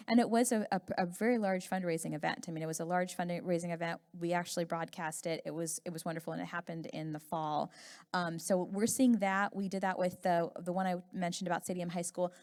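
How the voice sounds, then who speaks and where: A woman's voice: lowish voice, a little mellow. A woman speaking as a panelist, hesitant with many fillers and restarts. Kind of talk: panel discussion.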